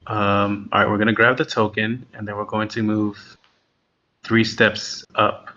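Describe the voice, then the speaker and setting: A man's voice: on the low side, level tone, measured pace, sharp tone, lo-fi sound. A man playing through a tabletop game playtest, hesitant and thinking his moves aloud with many ums. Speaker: playtest participant. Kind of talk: casual game play.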